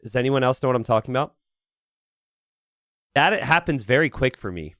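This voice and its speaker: A man's voice: mid-range voice, lively intonation, moderate pace, fairly bright tone, no echo. Chatty male streamer, dry close mic. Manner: chatty and rambling, thinks aloud and talks to chat. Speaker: game caster and streamer. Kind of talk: casual live-stream commentary.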